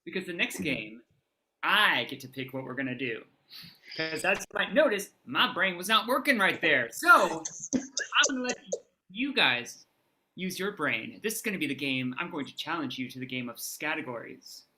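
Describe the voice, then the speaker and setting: An energetic improv comedy referee hosting a game with playful, quick game-show patter. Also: medium pitch, background noise.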